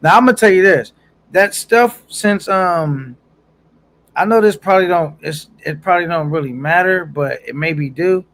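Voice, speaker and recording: A man's voice: high voice, moderate pace, fairly bright tone, slight background noise. A man casually chatting on a live stream, reading viewer comments aloud in a laid-back, slangy way and laughing often.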